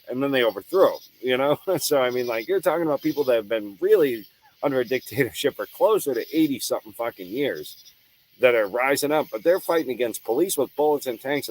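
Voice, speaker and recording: A man's voice: mid-range voice, rough recording. A man hosting his own show, giving a heated, profane, unscripted monologue with hard emphasis and frequent restarts. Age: adult. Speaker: show host.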